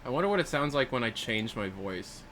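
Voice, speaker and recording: A young male streamer talks casually into a desktop mic, rambling between tasks and thanking donors. His voice is bright and forward, with a little faint background noise. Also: mid-range voice, sing-song, fairly quick, low-quality recording. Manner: rambling, reads donations aloud. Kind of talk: casual livestream chat. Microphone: desktop USB mic.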